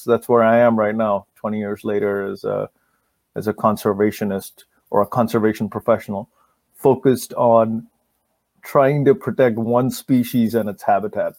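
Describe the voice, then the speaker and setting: A man's voice: on the low side, darkish tone, dry recording. A man from India in his late thirties, talking as a wildlife conservationist guest. He laughs easily and trips over his words as he restarts them. He speaks over a video call, and the sound is dry. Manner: laughs often, many restarts. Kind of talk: casual interview.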